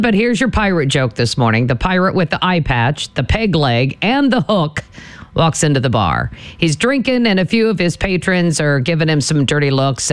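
Lively-voiced man on morning radio. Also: on the high side, clear, resonant tone, dry recording. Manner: chatty and self-mocking, retelling a joke. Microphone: studio mic.

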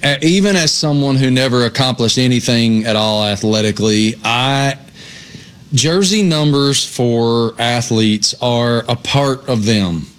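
A man co-hosting a sports talk show in a studio, giving his views in a measured way. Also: mid-range voice. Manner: measured, thinks aloud with opinions.

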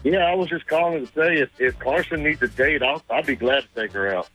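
A man calling in to a radio show, speaking earnestly with halting restarts. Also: on the high side, fairly bright tone, soft background music, low-quality recording. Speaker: caller.

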